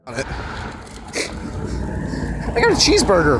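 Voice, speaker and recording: Joking vlogger guy with a gravelly voice. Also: high-pitched, expressive, moderate pace, long pauses, background noise. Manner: joking, teasing. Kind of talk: casual vlog chat. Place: outdoors, walking by a road.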